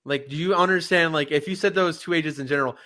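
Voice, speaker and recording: A man in casual podcast chat, talking in an animated, indignant way and swearing a lot. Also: a little high, fast.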